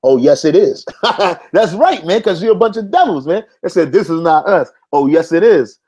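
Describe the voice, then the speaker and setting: Brief: man with a somewhat high, warm voice, preaching loosely over a read-aloud article. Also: expressive, moderate pace, slightly rough. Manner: street-casual, peppers lines with "man"; stops to reread passages and argue back. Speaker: religious commentator. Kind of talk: informal preaching while reading an article aloud.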